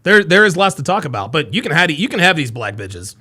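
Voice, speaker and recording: A man hosting a live reaction stream, reading viewer comments aloud with loud, crude, mocking banter that swings between yelling and mumbling. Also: fairly high pitch, very animated, a little fast, husky. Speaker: reaction show host.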